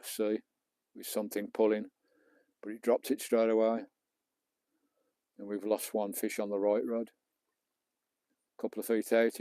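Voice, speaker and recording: A British man chatting casually on a live stream while he fishes on a beach. His voice is dark and mellow, recorded dry and close, and he jokes with viewers and swears now and then. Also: fairly low pitch, dry recording. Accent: British English. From England. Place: outdoors on a beach at night.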